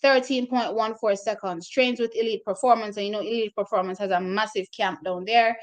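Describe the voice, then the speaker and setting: A woman's voice: mid-range voice, fairly even intonation, fairly quick. A woman hosting her own track and field channel, talking casually and directly to her viewers about race results, openly emotional as she goes.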